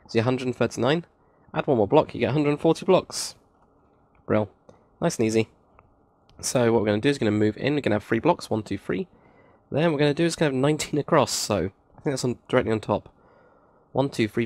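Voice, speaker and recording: A man's voice: mid-range voice, darkish tone, dry recording. A man hosting a casual building tutorial, counting blocks aloud with chatty, self-mocking asides. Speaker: game tutorial host.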